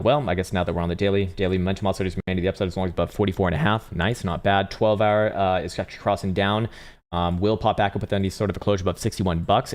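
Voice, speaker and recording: A man hosting a live stream, giving casual chart commentary in a rambling way, with many fillers, restarts and casual swearing. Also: low voice. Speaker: crypto chart analyst and livestream host.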